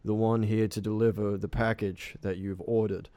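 A man's voice: fairly low pitch, level tone, moderate pace, warm tone, clean tone, no room sound, close to an everyday voice. Man doing a courteous formal ship captain. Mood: polite.

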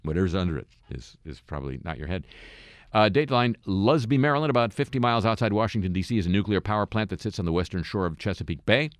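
A man hosting a satirical radio show who reads the news and drops wry, deadpan asides between items. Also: on the low side, fast talker, dry recording. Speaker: radio host.

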